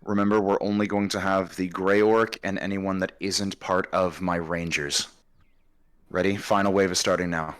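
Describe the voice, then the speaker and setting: A man acting as game master, narrating a role-play battle slowly and dramatically and giving orders to players. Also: sits low, level tone, a bit bright.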